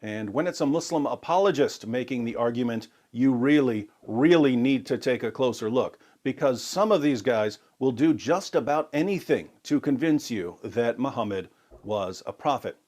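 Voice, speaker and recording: A man narrating a scripted video, making his argument in a measured, methodical way. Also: medium pitch, lively intonation, darkish tone.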